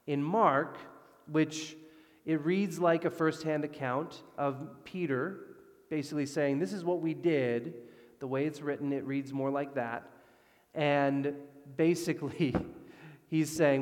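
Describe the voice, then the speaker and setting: A man preaching a sermon, animated, moving between loud emphasis and hushed, calm passages. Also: fairly high pitch, a little slow. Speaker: pastor. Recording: long hall reverb.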